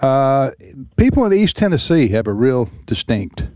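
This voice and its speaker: A man's voice: medium pitch, very animated, normal speed, darkish tone, dry recording. Male talk radio host, rambling and jovial, dry studio sound. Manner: rambling, laughs easily.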